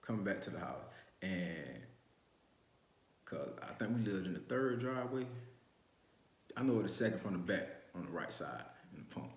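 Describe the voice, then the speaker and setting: A man tells a first-person story from his youth. His voice sits on the low side, and he rambles with constant restarts and street slang. The room around him has a noticeable echo. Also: expressive, moderate pace, pauses often. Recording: roomy echo.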